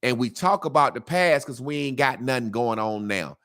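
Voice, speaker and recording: A man's voice: mid-range voice, lively intonation, normal speed, fairly bright tone. A man as an interview guest, talking in a casual, emphatic way with slang and repetition.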